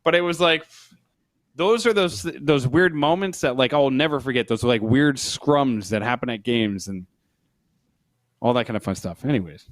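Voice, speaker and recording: A man's voice: medium pitch, normal speed, no room sound. A man co-hosting a podcast, telling a rambling story in casual chat, laughing as he goes. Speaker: podcast co-host.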